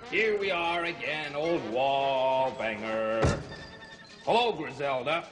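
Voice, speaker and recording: Bright, lively-pitched sidekick, music under. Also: male voice, slow. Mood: dry. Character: Harvey, male sidekick reading letters.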